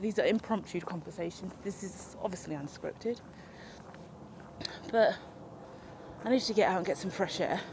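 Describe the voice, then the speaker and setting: A woman, rambling through an unscripted walk-and-talk vlog outdoors, animated and self-mocking. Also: mid-range voice, background noise. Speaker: vlogger. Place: outdoors in a park or woodland. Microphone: handheld camera while walking.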